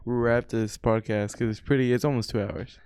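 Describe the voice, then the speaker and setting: Chill podcast host guy, clean smooth voice, asks long loose questions. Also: medium pitch, fairly even intonation, fairly quick, darkish tone, no echo, clean studio sound. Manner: easygoing, rambling questions. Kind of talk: casual chat.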